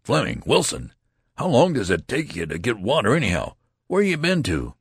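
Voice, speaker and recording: A man voicing a quick-tempered male infantry lieutenant in an audiobook reading, talking loudly in a scolding, boastful manner. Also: medium pitch, huge pitch swings, husky, no room sound, studio quality, voice pushed up, heavily acted. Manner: loud, scolding then boastful.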